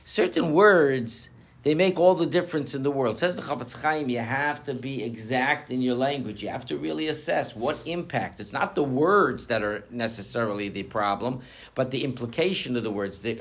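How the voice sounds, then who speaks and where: Teaching Torah to a live crowd, this rabbi keeps things lively with humor and rhetorical questions, weaving in Hebrew and Yiddish words. He speaks at a normal speed in a mid-range voice.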